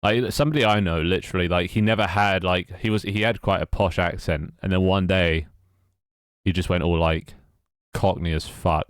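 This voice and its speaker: A young man with a British accent talks loosely and wryly as he works through tasks on his game. His voice sits low, and the sound is dry and close, with no room echo. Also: fairly even intonation, normal speed. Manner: rambling, wry, self-mocking. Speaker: game developer streamer. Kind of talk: casual live-stream chat while working.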